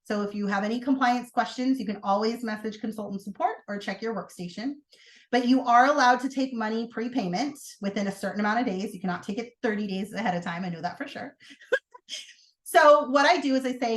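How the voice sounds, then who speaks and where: A woman leading a sales team training, talking in an energetic, chatty way with sudden excited outbursts. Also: fairly high pitch, fairly quick. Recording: roomy echo.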